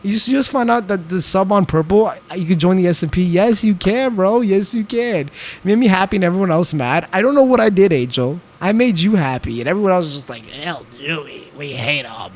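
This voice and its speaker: A man's voice: high voice, expressive, fairly quick, darkish tone. Chatty young man streaming a game. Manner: chatty, talks back to chat, swears casually. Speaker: livestreamer. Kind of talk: casual live-stream chat while gaming.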